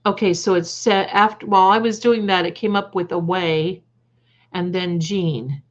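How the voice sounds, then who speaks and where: A woman hosting a psychic livestream, chatting with viewers, trailing off and restarting, and slowly reading out lists of words. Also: fairly low pitch, lo-fi sound. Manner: reads out word lists slowly.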